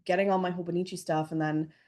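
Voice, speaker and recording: A woman's voice: fairly low pitch, little pitch movement, quick pace, dark tone. A woman in her thirties, a podcast guest, chatting casually with many fillers. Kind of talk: casual chat.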